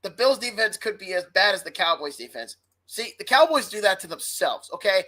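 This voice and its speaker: A woman's voice: mid-range voice, big pitch swings, a little fast, pushed and bright, poor audio. A woman co-hosting a sports podcast, ranting hotly and swearing freely in casual talk. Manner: heated, profane ranting. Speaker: podcast co-host.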